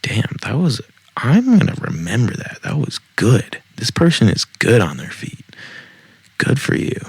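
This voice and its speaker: A man's voice: mid-range voice, wildly swooping pitch, a little slow, gravelly, darkish tone, breathy edge, no room sound, whispered. A man hosting a podcast, casually reading online posts aloud with joking, self-mocking asides. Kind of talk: casual read-aloud storytelling. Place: home basement.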